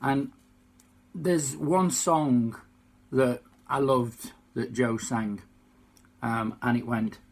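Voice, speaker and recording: A man with a Yorkshire accent, unwell, chatting to fans in a halting, heartfelt way. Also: medium pitch, fairly even intonation. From Yorkshire, England. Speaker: singer and tribute impersonator. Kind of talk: casual fan video chat.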